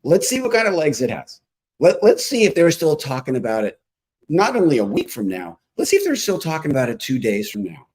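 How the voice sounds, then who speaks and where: A man's voice: on the high side, huge pitch swings, brisk, darkish tone, poor audio. A man giving emphatic, combative political commentary as a guest on a talk show. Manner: emphatic, combative, punchy rhetoric.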